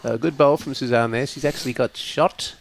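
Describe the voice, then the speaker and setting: A man co-commentating live lawn bowls, agreeable and measured. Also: medium pitch, steady tone, creaky, a little hiss or hum. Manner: agreeable, brief affirmations and measured analysis.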